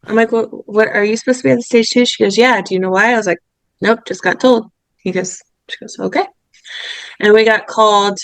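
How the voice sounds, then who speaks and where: Woman on a podcast acting out a story, kinda choked up, gravelly but smooth voice, dry close sound. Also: medium pitch, no echo, poor audio. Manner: animated storytelling, acts out quoted dialogue; emotional, close to tears. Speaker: roundtable guest, event vice president. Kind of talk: casual podcast chat.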